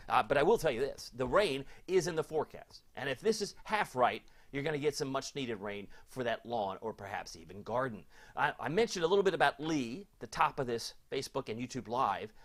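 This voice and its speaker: A man's voice: mid-range voice, fairly bright tone. A man giving a live weather forecast in a chatty, folksy way, talking to viewers like neighbors. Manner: chatty, folksy, reads viewer comments aloud.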